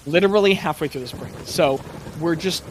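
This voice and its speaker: A man narrating as game master of a tabletop role-playing game, talking loosely with restarts and pauses. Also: fairly high pitch, a little hiss or hum. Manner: loose, halting, with frequent restarts.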